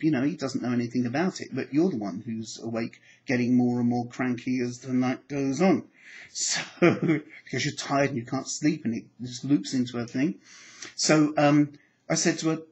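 Male hypnotherapy trainer, mid pitch, storytelling teacher who voices the people in his anecdotes and drops into slow, soothing trance-style phrasing. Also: lo-fi sound. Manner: storytelling, acts out quoted dialogue, soft hypnotic phrasing.

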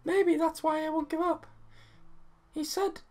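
A man voicing a timid, heartbroken young woman in a high, soft, meek and apologetic voice. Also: fairly even intonation, unhurried. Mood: sad.

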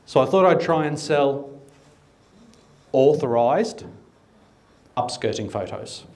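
A man's voice: mid-range voice, lively intonation, slow pace, a little mellow. A middle-aged Australian man doing stand-up comedy, telling dry, conversational anecdotes with comic timing. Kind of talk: stand-up storytelling.

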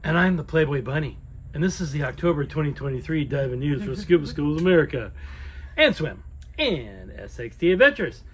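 A man's voice: a little high, animated, a little fast. A man co-hosting a dive shop video newsletter in a playful, casual way, tossing in jokey self-corrections. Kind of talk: casual promotional newsletter chat.

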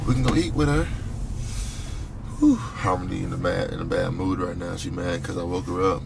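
A young adult man, a father, talking in a relaxed, slangy way for a casual vlog and teasing his children playfully. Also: low-pitched, moderate pace, gravelly, noisy background. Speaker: vlogger and father.

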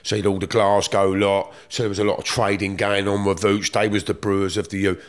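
A man's voice: on the low side, flat delivery, brisk. A middle-aged man with a London accent, telling stories from his past in blunt, streetwise slang, swearing freely. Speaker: guest. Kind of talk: casual storytelling.

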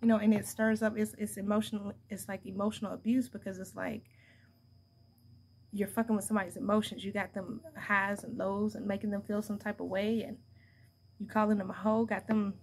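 A woman's voice: mid-range voice, little pitch movement, a little fast, a little mellow, slight background noise. A young adult woman giving a casual tarot reading to her viewers, blunt and profane, laughing often as she talks. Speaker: tarot card reader.

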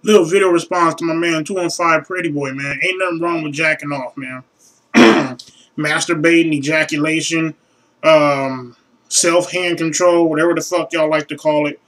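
A young man vlogging a profane, animated rant to camera, loud and crude, sometimes mocking others in a shrill falsetto. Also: normal speed, recorded from a distance, rough recording.

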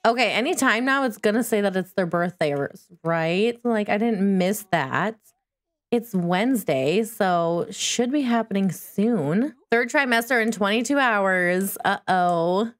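A woman giving chatty, playful commentary while playing a life-simulation game, talking back to the characters on screen. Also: mid-range voice. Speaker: gaming video host. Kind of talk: casual gameplay commentary.

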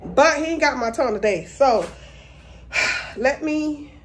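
A woman's voice: high voice, animated, takes it slowly. Chatty, emotional woman vlogging over background noise. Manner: chatty, slangy, addresses viewers as y'all. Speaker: hairstylist and vlogger. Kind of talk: casual vlog talk to camera. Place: her salon shop, indoors.

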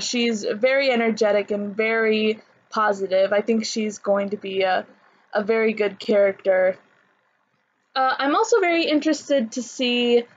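A woman's voice: fairly high pitch, highs cut off. A woman talking casually in a vlog, chatty and full of fillers and restarts. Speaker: anime vlogger.

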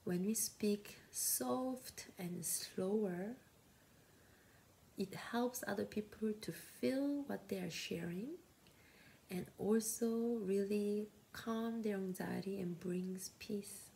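A young woman with a Korean accent, a native Korean speaker, teaching counseling skills in a slow, gentle, often whispery voice. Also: mid-range voice, creaky, a little hiss or hum. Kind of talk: soft-spoken teaching talk.

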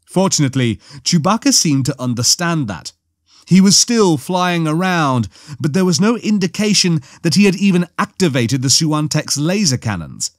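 A man narrating an audiobook in a steady, even storytelling manner. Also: fairly high pitch, normal speed, no room sound, studio quality.

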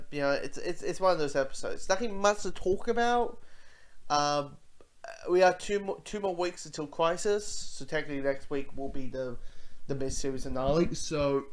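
Rambling casual TV reviewer. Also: medium pitch. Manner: rambling, with many restarts and self-corrections. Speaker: TV episode reviewer.

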